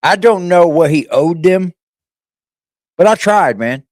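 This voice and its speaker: A man's voice: sits high, expressive, slow, long pauses, darkish tone, no room sound, studio quality. A middle-aged man hosting a casual, profane livestream, brash and mocking, laughing often. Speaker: livestream host reacting to videos.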